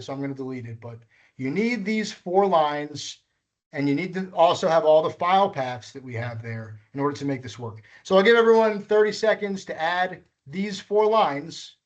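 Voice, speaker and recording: Patient man teaching a coding workshop. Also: a little high. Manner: patient, walks through steps, self-correcting. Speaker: workshop instructor. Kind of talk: live coding tutorial.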